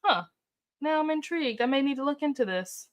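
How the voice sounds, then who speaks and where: A woman with a slightly higher voice hosts a relaxed live chat about books. She sounds upbeat and chatty, reacting to her viewers with quick oohs and okays. She thinks aloud freely, dropping in ums and uhs as she goes. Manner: chatty, upbeat, reacts to comments with ooh and okay. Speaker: booktube livestream host.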